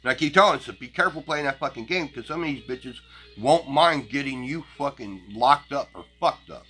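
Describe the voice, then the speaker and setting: A man's voice: mid-range voice, fairly quick, sharp tone, slightly rough, faint music behind. A man hosting his own show, ranting bluntly and crassly at his viewers with heavy profanity and scornful laughs. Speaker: channel host. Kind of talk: profane casual rant to viewers.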